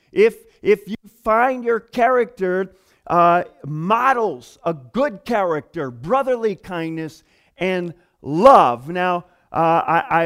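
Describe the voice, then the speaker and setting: A man preaching a sermon to his congregation in an animated, conversational way, with emphatic asides. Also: sits high. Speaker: pastor.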